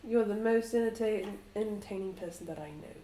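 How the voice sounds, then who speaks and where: A woman's voice: medium pitch, fairly quick, dark tone, a little hiss or hum, lightly acted. A woman playing a charming young woman in tabletop role-play, teasing and fondly bossy. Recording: roomy echo.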